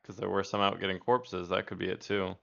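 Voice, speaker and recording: Gravelly low male player. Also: flat delivery, a little fast, bright, forceful tone, lo-fi sound. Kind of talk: casual chat during a tabletop game.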